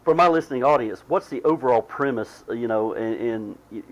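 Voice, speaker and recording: A podcast host with a Southern US twang, chatting casually and drawing out his words with halting uhs. His voice sits at a plain middle pitch, and the recording sounds slightly dull and lo-fi. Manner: drawn-out, halting, with fillers.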